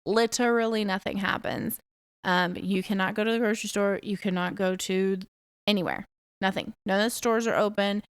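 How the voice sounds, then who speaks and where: A woman's voice: medium pitch, fairly even intonation, normal speed, smooth, dry recording, clean studio sound. A woman in her thirties hosting a podcast alone, talking frankly and bluntly and swearing freely. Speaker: podcast host. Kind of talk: casual monologue podcast.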